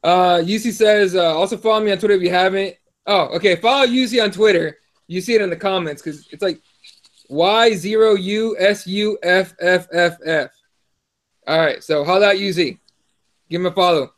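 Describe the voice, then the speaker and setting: A man co-hosting a casual livestream podcast, reading chat comments aloud in a profane, animated way. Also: high voice, normal speed.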